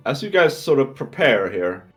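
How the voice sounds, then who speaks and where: A man's voice: mid-range voice, very animated, unhurried, fairly bright tone, faint music behind. A man running a tabletop game as game master, narrating scenes with fillers and restarts. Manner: descriptive, thinks aloud with fillers and restarts; clears his throat between lines.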